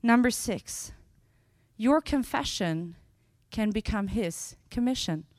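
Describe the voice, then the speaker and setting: Woman preacher, sermon, expressive, slows on key phrases, dry close sound. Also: fairly high pitch, dry recording. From Sweden. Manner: expressive, acts out scenes with sudden loud bursts.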